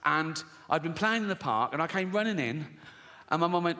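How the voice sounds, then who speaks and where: A man's voice: on the high side, expressive, fairly quick, bright, forceful tone. A middle-aged man doing a stand-up comedy set, telling stories and acting out quoted voices, laughing at his own jokes. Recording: live hall reverb, faint background noise.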